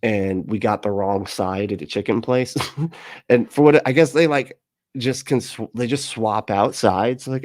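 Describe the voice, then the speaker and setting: A man's voice: fairly low pitch, a little slow, darkish tone. A man hosting a livestream, reading chat comments in a rambling, jokey way and laughing often.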